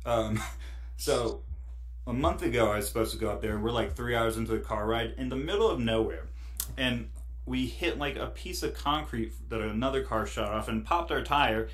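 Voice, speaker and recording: A man's voice: medium pitch, moderate pace. A man as a podcast guest, telling a rambling story in casual chat, laughing often and full of fillers.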